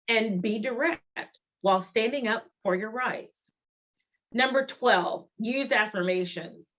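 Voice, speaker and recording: A middle-aged woman giving a motivational conference talk, emphatic and deliberate, repeating her key phrases. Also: medium pitch, fairly bright tone. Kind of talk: motivational presentation. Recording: dull lo-fi recording.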